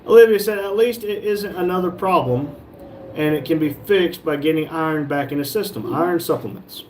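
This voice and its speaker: A man's voice: a little high, brisk, a little hiss or hum. A man hosting a live stream from a shop, reading viewers' comments aloud and joking back at them. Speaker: livestream host reading chat. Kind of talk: casual live chat.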